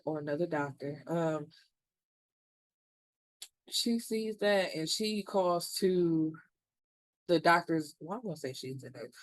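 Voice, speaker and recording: A woman's voice: lowish voice, a little mellow, no room sound. A woman casually recapping a TV episode, retelling scenes in quotes with blunt, cursing asides. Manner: chatty, retells scenes in quotes, curses freely. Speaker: TV show reviewer.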